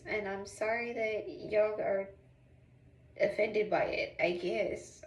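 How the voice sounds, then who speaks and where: Her medium-pitched voice is slow and fairly even, picked up at a distance in an echoey small bathroom. This mother, tearful and emotional, rambles through a confessional vlog in casual slang, almost crying.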